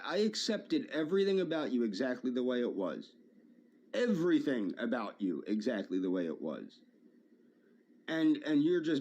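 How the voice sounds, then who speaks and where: A man's voice: on the high side, a little mellow. A man in a video rant, hurt and aggrieved, repeating his phrases as he addresses a former friend.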